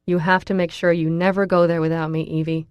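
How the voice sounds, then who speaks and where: A calm, serious young man in a storybook, guarded and quietly insistent, as a woman reads him. The voice sits low and mellow, and the recording is close and dry. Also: brisk, smooth, dry recording, muffled recording, lightly acted. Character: calm, serious young male college student.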